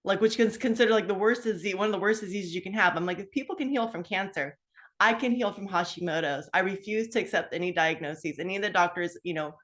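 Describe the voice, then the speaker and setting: A woman in her fifties telling her own health story in a casual, chatty way, full of asides and fillers. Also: medium pitch. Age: 50s. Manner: animated, acts out her own past dialogue. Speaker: guest sharing a health story.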